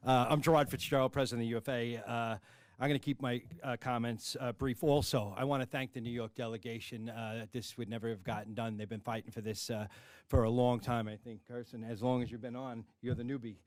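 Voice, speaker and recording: A man with a Brooklyn accent, a firefighters' union president giving halting, plainspoken press conference remarks full of fillers. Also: mid-range voice, flat delivery, no room sound.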